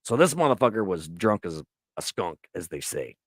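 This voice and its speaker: A man's voice: low voice, sing-song, moderate pace, dry recording, clean studio sound. Profane rambling man in his thirties. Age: 30s. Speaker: podcast co-host. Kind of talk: casual chat.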